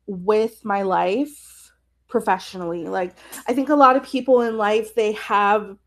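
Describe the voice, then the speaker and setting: A young adult woman hosting a podcast, telling a personal story in a rambling, emotional way with many fillers. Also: mid-range voice. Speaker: podcast host.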